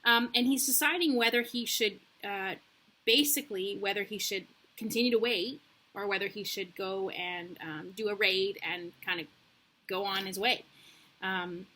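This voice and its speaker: A young adult woman reading a chapter book aloud in a relaxed, casual way, with slips and self-corrections. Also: medium pitch, normal speed. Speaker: reader. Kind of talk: casual read-aloud for children.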